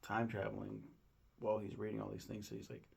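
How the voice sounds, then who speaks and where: A man recaps a film plot in a loose, rambling way, peppered with ums and swearing. His voice sits fairly low, with a husky, gravelly edge to it. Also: completely flat delivery, fast talker, darkish tone. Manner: rambling, lots of ums and profanity. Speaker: film reviewer.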